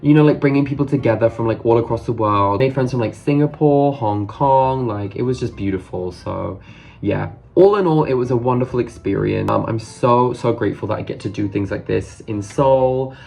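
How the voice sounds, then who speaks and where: A man's voice: medium pitch, normal speed, creaky, darkish tone. A man telling a story in a casual vlog, chatty and gushing, swearing casually as he goes. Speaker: vlogger.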